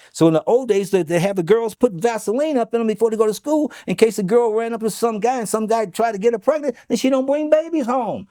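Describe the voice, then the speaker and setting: A fairly high-voiced man tells stories in a lively, swooping way and acts out every quoted line. His tone is dark and mellow. The recording is close and dry. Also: no echo. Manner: animated storyteller, acts out quoted dialogue; repeats "okay?" to drive points home. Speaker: interview guest. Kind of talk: storytelling interview.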